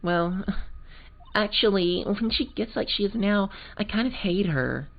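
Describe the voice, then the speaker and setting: A man's voice: sits high, lively intonation, unhurried, vocal fry, pitched above the performer's own voice, full character voice. A man voicing an eager sixteen-year-old girl scientist in a Valley Girl voice. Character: eager teen girl, aspiring scientific investigator. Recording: muffled, game music behind.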